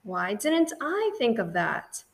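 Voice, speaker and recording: A woman's voice: fairly high pitch, very animated, takes it slowly, vocal fry, heavily acted. A woman voicing a cheerful, formal middle-aged husband in a children's audiobook, with a hearty, politely formal manner.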